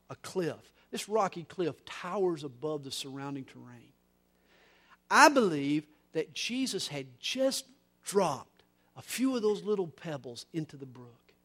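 High-voiced man preaching a sermon. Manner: preaching with wide swings in loudness, from soft to emphatic; occasional repeated words. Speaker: pastor.

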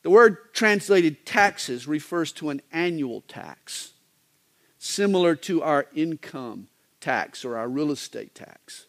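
Man, pastor, high voice, folksy joking sermon, pitch swinging up and down. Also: expressive, slow pace, creaky.

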